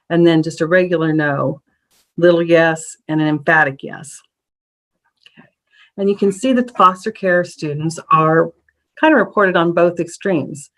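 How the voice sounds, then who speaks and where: A presenter at an advisory council meeting talks through survey charts one slide at a time. The delivery is measured and explanatory, with frequent ums and small restarts, at a middle pitch. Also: rough recording.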